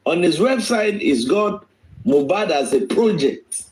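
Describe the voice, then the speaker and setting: Male guest, forceful and repetitive, high voice with wide swings, unhurried delivery. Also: animated, poor audio. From Nigeria. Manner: emphatic, repeats phrases, rises and drops sharply in pitch. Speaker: guest speaker on a live stream. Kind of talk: impassioned live-stream talk.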